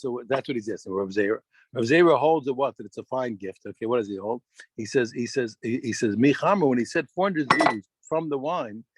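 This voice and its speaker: A man teaching a daf yomi Talmud class, animated, restarting phrases and quizzing his students. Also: mid-range voice, breathy edge, no room sound.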